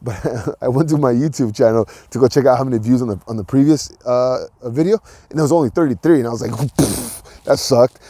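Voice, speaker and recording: Rambling male podcast host with a dark voice. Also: mid-range voice, quick pace, no echo. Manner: rambling, with frequent restarts and filler words; earnest and encouraging. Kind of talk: casual solo monologue.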